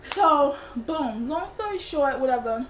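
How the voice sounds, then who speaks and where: A woman's voice: sits high, animated, measured pace, fairly bright tone, slight background noise. A young woman telling a rambling, slangy storytime for her vlog. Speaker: vlogger. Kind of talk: casual storytime.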